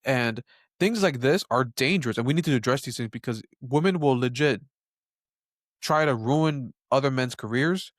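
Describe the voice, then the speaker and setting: A man's voice: mid-range voice, lively intonation, moderate pace, no echo, clean studio sound. Opinionated man giving casual commentary. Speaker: commentary host. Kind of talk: reaction commentary.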